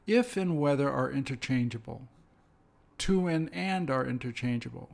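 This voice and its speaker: A man teaching an English lesson, speaking slowly and carefully and repeating example phrases. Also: mid-range voice, expressive, creaky. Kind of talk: slow, deliberate language lesson.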